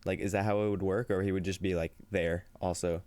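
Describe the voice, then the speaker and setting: This man's voice sits low, with a clean, darkish tone, a flat delivery, and no room sound, and he speaks fairly quickly. He's hosting a live stream, chatting casually, reading the chat aloud, and laughing often in an upbeat way, though he seems tired and somewhat shaky.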